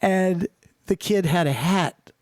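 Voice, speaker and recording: A middle-aged man co-hosting a chat show, telling stories and teasing his partner. His voice is a bit higher than most men's and sounds dry and close to the mic. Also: slow pace, no echo. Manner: teasing storyteller. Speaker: co-host. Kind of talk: casual chat.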